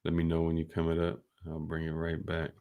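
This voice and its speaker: A man hosting a podcast, telling sports stories in casual talk over a call, often getting animated and loud. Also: rumbling low, brisk. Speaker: podcast host.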